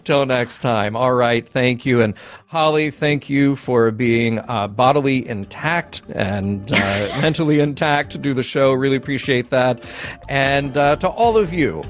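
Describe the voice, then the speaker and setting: A man's voice: medium pitch, measured pace, faint music behind. A man hosting a live podcast call-in, talking casually and rambling a little as he thinks aloud. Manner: rambling, repeats words when thinking. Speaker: podcast host. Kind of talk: casual live-stream chat.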